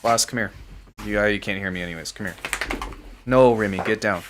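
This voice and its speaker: A man with a fairly low voice hosts a casual live stream from home. He talks as a music producer in a relaxed, chatty, joking way. A faint hiss sits under his voice. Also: a little fast. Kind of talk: casual livestream chat.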